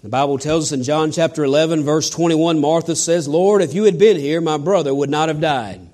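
A man's voice: a little high, fairly quick, a little mellow. A middle-aged male pastor preaching a sermon, acting out scripture quotes with swells and sudden drops in volume.

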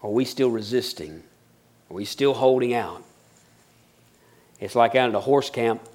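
A man's voice: medium pitch, unhurried, darkish tone. A middle-aged man preaching a sermon, mixing folksy storytelling with earnest, building emphasis. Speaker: pastor.

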